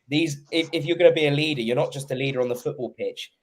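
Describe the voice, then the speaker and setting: A man's voice: fairly high pitch, fast talker. A man, a guest on a football podcast, making firm, emphatic points in casual chat.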